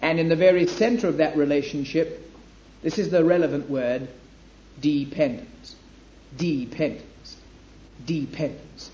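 A man preaching a sermon with an emphatic, declaiming delivery. His voice sits high for a man. The recording is echoey and dull, with faint room ambience behind him. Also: brisk, slight background noise. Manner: emphatic, rising to loud declamation on scripture.

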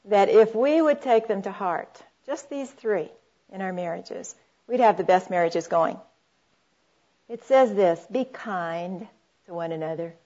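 A middle-aged woman giving a sermon-style talk on Christian marriage, earnest and warm, calling her audience friends and quoting scripture. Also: medium pitch, muffled recording.

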